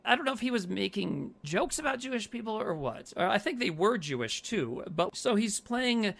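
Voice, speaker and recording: A man's voice: high-pitched, very animated, normal speed, creaky, fairly bright tone. A man co-hosting a podcast, recapping a horror movie in casual, swearing, rambling chat. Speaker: podcast co-host.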